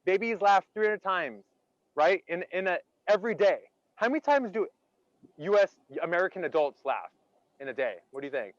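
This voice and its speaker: A man's voice: high-pitched, sing-song, moderate pace, no room sound, dull audio. A man leading an interactive online laughter workshop. He talks with energy, keeps asking the audience questions and fills his speech with "like". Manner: chatty, many "like" fillers.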